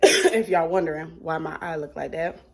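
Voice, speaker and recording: A woman's voice: deep voice, fairly even intonation, moderate pace, vocal fry. A woman telling a storytime vlog into a phone held at arm's length, acting out a phone call as she goes. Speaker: vlogger.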